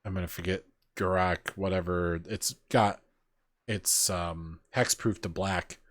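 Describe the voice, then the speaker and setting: Guy with a really low voice rambling about stuff on a podcast, dry close sound. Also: fairly even intonation, measured pace, fairly bright tone, dry recording. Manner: rambling, filler-heavy storytelling. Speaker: podcast host. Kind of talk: casual chat.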